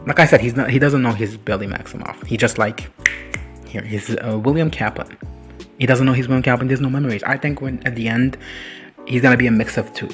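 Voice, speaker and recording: A man's voice: medium pitch, fairly even intonation, fairly quick, soft background music. A man giving a casual, foul-mouthed recap of a TV episode, laughing often and acting out the characters. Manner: crude, swears freely, laughs often, acts out characters. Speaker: reaction vlogger.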